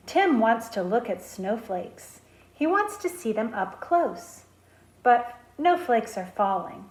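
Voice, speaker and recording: A woman speech therapist reading picture books aloud to children, slow, clear and expressive. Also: a little high. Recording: roomy echo.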